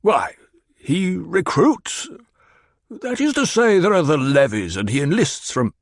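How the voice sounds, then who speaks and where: A man's voice: mid-range voice, sing-song, moderate pace, breathy edge, no echo, studio quality. A man voicing a fat, pompous and petulant old baron who blusters and demands answers. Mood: blustering.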